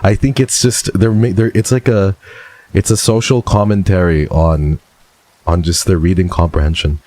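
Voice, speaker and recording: A man's voice: low voice, steady tone, moderate pace, a little mellow. A man streaming casually, reading viewer messages aloud in a playful, teasing way and laughing often.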